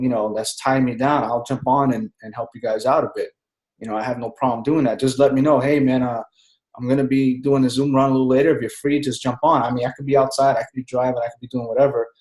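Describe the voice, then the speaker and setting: A man talking in casual chat on a group call, excited and rambling, who keeps saying "man.". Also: medium pitch, reverberant, low-quality recording. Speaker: team member speaking on a group call.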